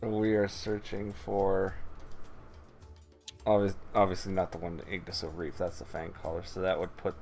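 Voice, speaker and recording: Low, gravelly male player, laid-back dry comments at the game table. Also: little pitch movement, moderate pace, darkish tone, faint music behind.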